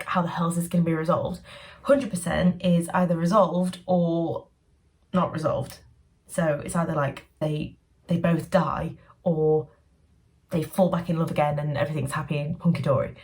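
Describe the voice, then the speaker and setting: A woman chatting casually in a book review vlog, sardonic and quick to mock the books she discusses. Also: on the low side, a little mellow, recorded from a distance.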